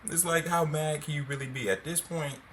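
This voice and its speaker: A man's voice: on the high side, steady tone, brisk, fairly bright tone, slight background noise. A man hosting a podcast, reacting in a laid-back, joking, slightly unsure way. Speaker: host. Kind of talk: casual podcast chat.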